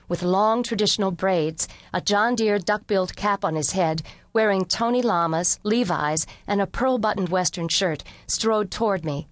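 Woman audiobook narrator, mid-pitched, wry and measured, dry studio sound. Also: dry recording. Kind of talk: scripted first-person narration.

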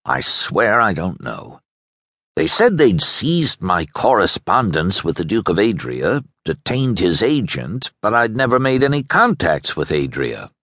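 Man doing a stubborn soldier, calm, firm, low voice, audiobook. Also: unhurried, dry recording, clean studio sound, exaggerated voice. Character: stubborn soldier brother, steady and principled. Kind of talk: audiobook character voice.

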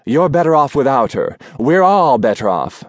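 A man's voice: mid-range voice, very animated, normal speed, no room sound, close to an everyday voice. A man voicing a faded former film star, an older woman who is grand, theatrical and fond of drink. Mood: grandiose. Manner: haughty and theatrical.

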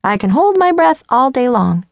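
A woman voicing an awkward teenage girl who rambles and blurts out nervous, sarcastic remarks, with a gravelly edge. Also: high-pitched, big pitch swings, normal speed, no room sound, muffled recording, pitched above the performer's own voice, full character voice.

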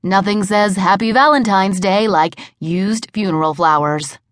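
A woman's voice: mid-range voice, a little slow, no room sound. A woman giving wry, comic first-person audiobook narration in a studio. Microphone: studio microphone.

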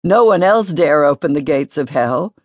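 A woman voicing a polite, spirited teenage girl singer in an audiobook, high and earnest. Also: expressive, moderate pace, darkish tone, no echo.

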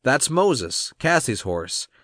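A man's voice: mid-range voice, big pitch swings, slow, a bit bright, no echo, clean studio sound, pitched above the performer's own voice, exaggerated voice. A man voicing a reserved young rancher. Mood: calm.

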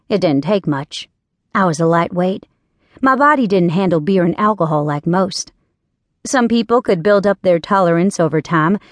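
A woman's voice: lowish voice, dry recording. A woman narrating a first-person audiobook in a wry, dry storytelling manner.

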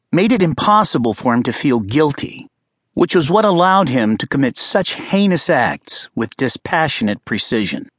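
Expressive male thriller narrator. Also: medium pitch, no room sound, studio quality. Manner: steady, grave storytelling. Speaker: audiobook narrator. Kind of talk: scripted narration.

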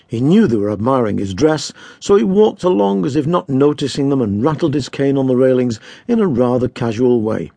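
Gravelly expressive male storyteller. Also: mid-range voice, a little fast, few pauses, dry recording. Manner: gently amused, expressive. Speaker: audiobook narrator. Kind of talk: children's storybook narration.

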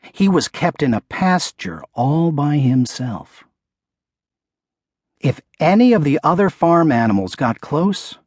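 A man reads a children's picture book aloud in a slightly husky voice, taking his time over every line. His delivery is lively and wide-ranging in pitch, and he drops low and quiet for the tense moments. The sound is close and dry, with no room around it. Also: no echo. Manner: expressive storytelling, dropping low for the bull's menace. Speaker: audiobook narrator. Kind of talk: children's storybook narration.

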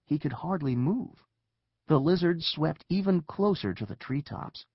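A man narrating a children's story with expressive storytelling. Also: a little high, a little slow, gravelly, slightly rough, no echo, muffled recording. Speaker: audiobook narrator.

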